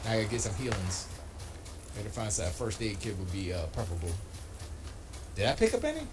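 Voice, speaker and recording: A man's voice: fairly low pitch, sing-song, fast talker, background noise. A man chatting casually on a live stream while gaming, slangy and trash-talking. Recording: music playing behind. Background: music.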